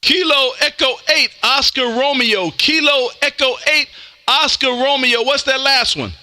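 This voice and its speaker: A man from Texas, a ham radio operator streaming live, talking loud and energetic as he makes contacts and calls "man" after almost every phrase. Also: very high voice, unhurried, a little hiss or hum. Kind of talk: on-air radio contacts and chat. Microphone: close studio mic with headphones.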